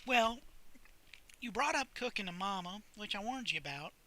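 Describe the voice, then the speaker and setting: A flustered young woman who trips over her words and keeps restarting, as a man puts her on. The voice sits high and sounds bright and tense, halting and nervous. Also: lively intonation, exaggerated voice. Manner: stammering, halting.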